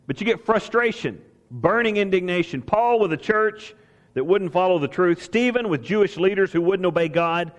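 A man's voice: a little high, animated, normal speed, in a large hall. A man preaching a sermon as pastor, talking with emphasis and asking his listeners rhetorical questions.

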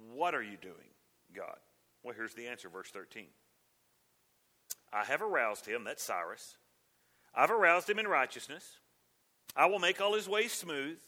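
A man's voice: a little high, bright, forceful tone. A man preaching a sermon, earnestly asking questions aloud and reading scripture between his own remarks. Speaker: pastor.

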